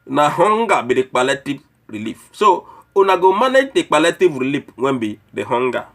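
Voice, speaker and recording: A man's voice: a little high, very animated, normal speed, a bit bright. Scolding Nigerian Pidgin-speaking man. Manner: preachy, scolding, mocks with rhetorical questions. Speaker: online commentator. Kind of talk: political rant.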